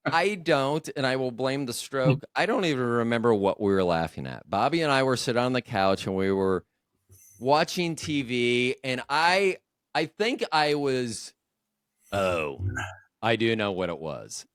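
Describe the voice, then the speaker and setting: A man's voice: mid-range voice, very animated, a little slow, a bit bright, smooth, no echo, studio quality. Guy hosting, goofy and rambly, voice jumps around a lot. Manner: joking, rambling, self-deprecating. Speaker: podcast host. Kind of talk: casual chat.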